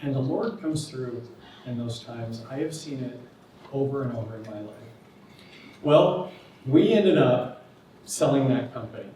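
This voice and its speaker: A man's voice: mid-range voice, unhurried, pauses often, slight background noise. Man telling stories in an echoey hall. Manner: relaxed, anecdotal, with many fillers. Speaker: guest lecturer. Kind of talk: storytelling lecture. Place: large lecture hall. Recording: echoey lecture hall, distant mic.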